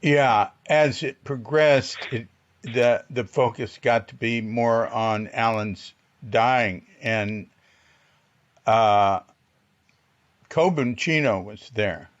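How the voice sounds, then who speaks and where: A male host asks his guest questions slowly and gently, with pauses and fillers between words. His voice sits at an ordinary pitch, and he keeps an unhurried, careful pace. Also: lo-fi sound. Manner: gentle, hesitant, many fillers. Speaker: podcast host. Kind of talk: interview questions.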